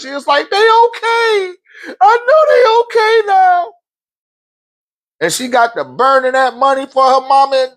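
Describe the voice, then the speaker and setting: A man, teaching in a casual, animated storytelling way. His voice sits high and swings widely in pitch, and he acts out the people he quotes and laughs often. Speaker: spiritual teacher.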